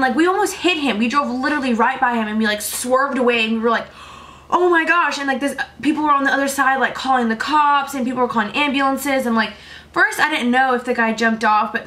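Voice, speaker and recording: A woman's voice: high voice, fast talker, pushed and bright. Tired young woman rambling through a story. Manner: chatty, rambling, many "like" fillers. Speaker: vlogger. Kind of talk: casual storytelling to camera.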